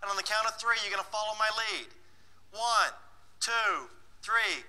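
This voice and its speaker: A man's voice: sits high, expressive, normal speed, pushed and bright, low-quality recording. A man presenting a live financial workshop, teasing and bossing the audience in a playful way and laughing often. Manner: laughs often between remarks.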